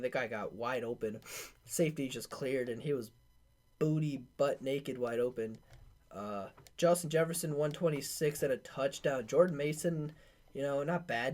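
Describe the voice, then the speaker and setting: A man's voice: mid-range voice, a little mellow. A man hosting a casual sports podcast, rattling off game stats with slangy filler words and loose asides. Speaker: podcast host.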